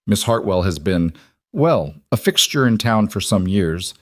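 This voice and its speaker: A pompous, prosperous frontier man in his fifties, self-important and sure his standing is authority, as a man reads him out. The voice is lowish and dry, and it comes across close. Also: lively intonation, unhurried, dry recording. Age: 50s. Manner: pompous, treating status as authority.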